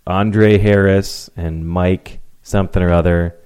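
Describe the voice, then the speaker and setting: A man with a somewhat low voice hosts a sports podcast, throwing in sarcastic remarks and moving the chat along. He sounds easygoing and talkative. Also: fairly even intonation, takes it slowly, a little mellow, clear, resonant tone. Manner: sarcastic, steers the talk. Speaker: podcast host. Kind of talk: casual sports banter.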